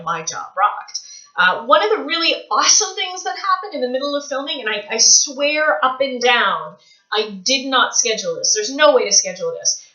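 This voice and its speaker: A Canadian woman vlogging casually from a small room at home, chatty, rambling and gushing with excitement. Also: a little high, echoey room, lo-fi sound. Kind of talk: casual vlog chat.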